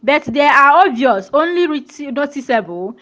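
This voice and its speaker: A woman's voice: sits high, animated, a little slow, a bit bright, dull audio. A woman teaching a pronunciation lesson, repeating words and checking that learners follow. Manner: repetitive, checks understanding with questions.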